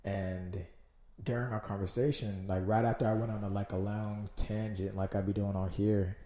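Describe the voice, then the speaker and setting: A man's voice: on the low side, flat delivery, moderate pace, mellow, roomy sound. A man with a Jamaican accent hosting a casual solo podcast, rambling and swearing as he loses his train of thought. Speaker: podcast host.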